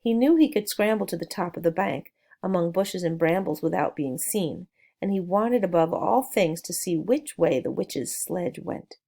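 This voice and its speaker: A woman reading a children's novel aloud, telling the story gently with small asides to the listener. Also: fairly low pitch, animated, moderate pace, vocal fry. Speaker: narrator.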